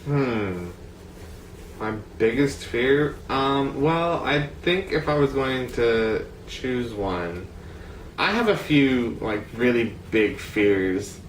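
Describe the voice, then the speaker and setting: A young man from the United States talks to camera in a loose, rambling vlog, piling on "like" and "um". His voice has a middling pitch. The room is echoey, with faint ambience behind him. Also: expressive, slow, slight background noise. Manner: chatty, rambling, filler-heavy. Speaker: vlogger. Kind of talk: casual talk to camera.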